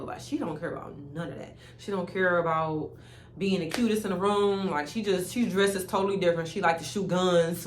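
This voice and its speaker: A woman's voice: fairly low pitch, a bit bright, slight background noise. A woman vlogger telling a story in a candid, slangy and emphatic way, chatting casually beside a fire. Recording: roomy echo.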